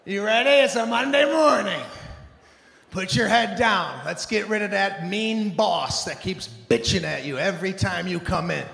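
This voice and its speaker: A man's voice: sits high, normal speed, creaky, fairly bright tone. A man voicing an overly upbeat, motivational male spin class teacher on a comedy stage. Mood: peppy. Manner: peppy, motivational. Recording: echoey hall with live crowd.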